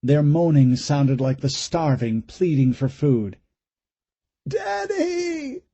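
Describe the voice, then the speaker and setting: A man's voice: medium pitch, measured pace, dark tone, slightly rough, no room sound, lo-fi sound. A man reading a horror audiobook aloud in a dramatic, suspenseful way. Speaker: audiobook narrator. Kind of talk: scripted narration.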